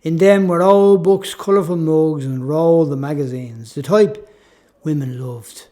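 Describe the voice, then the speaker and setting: A man's voice: on the high side, a little slow, dark tone. A man reading his own story aloud as a reflective, first-person audiobook narration.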